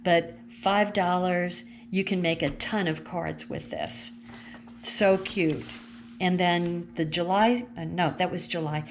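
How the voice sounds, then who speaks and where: Slow, low-voiced woman chatting through a catalog. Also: steady tone, a little hiss or hum. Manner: chatty, gushing, thinks aloud while paging through. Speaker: consultant showing a craft catalog. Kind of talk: casual catalog walkthrough vlog. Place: at home with her dogs.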